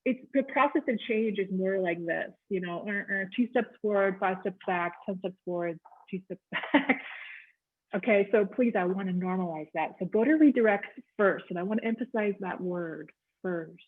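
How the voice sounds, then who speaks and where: A woman's voice: medium pitch, normal speed. A woman counselor giving a conversational, encouraging wellness talk with frequent ums. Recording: tinny phone-like line.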